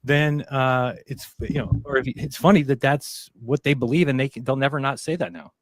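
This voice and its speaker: A man tells a long, rambling story at a quick clip, jumping in and out of quoted voices. His voice sits at an ordinary pitch. The sound is dry and close. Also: fairly even intonation, no echo. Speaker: podcast co-host. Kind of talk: casual storytelling chat.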